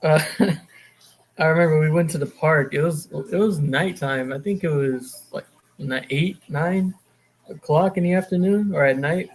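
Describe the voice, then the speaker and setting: A man's voice: on the high side, normal speed, a little hiss or hum. A man co-hosting a podcast, reminiscing in a laid-back, profane casual chat. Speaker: podcast co-host.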